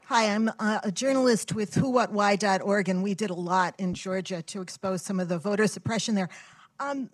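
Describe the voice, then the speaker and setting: A woman journalist asks a question from the audience. Her voice has a husky grain and sounds dry and close. She feels her way through her question, rephrasing mid-sentence. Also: medium pitch, fairly quick, dry recording. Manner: searching, rephrases as she goes.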